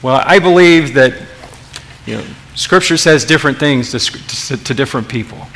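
A man's voice: medium pitch, expressive, normal speed, fairly bright tone. A man preaching a sermon as pastor, emphatic, asking the congregation rhetorical questions and often repeating words as he restarts.

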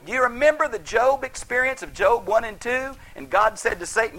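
Male Bible teacher, emphatic folksy sermon delivery, bright and slightly husky tone. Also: very high-pitched, very animated, normal speed, low-quality recording. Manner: folksy, emphatic, flares into heated outbursts. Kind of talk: sermon-style Bible lecture.

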